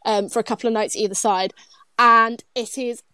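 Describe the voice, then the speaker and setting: A woman's voice: fairly high pitch, steady tone, normal speed, bright, forceful tone, smooth, dry recording. A woman, chatting casually as a guest, giggly and rambling with lots of restarts. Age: 20s. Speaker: guest, traveler. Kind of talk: casual chat.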